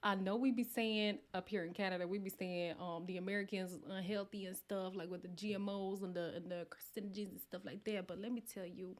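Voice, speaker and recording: Talking a little fast with few pauses and fairly even intonation, a woman with a mid-range voice hosts a live watch party for a reality show. She reads viewers' comments aloud, chats openly, and tucks in whispered remarks.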